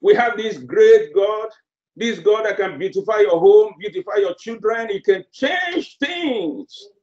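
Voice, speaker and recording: A man's voice: sits high, lively intonation, a little slow, darkish tone. A male preacher delivering a sermon, emphatic and repeating phrases for effect. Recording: roomy, dull lo-fi sermon recording.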